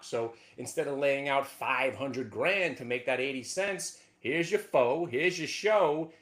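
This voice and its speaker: Man, trading show host, animated, pitch leaping from mutter to shout. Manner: excitable, swings from low mutter to whooping shouts. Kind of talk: animated trading talk over charts.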